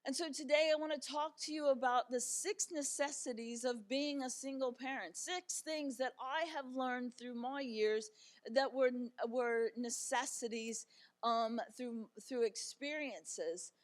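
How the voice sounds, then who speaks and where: A middle-aged woman giving a talk as a guest speaker, telling personal stories in a conversational, animated way with frequent fillers. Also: high-pitched, unhurried. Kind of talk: personal storytelling talk to an audience. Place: church event.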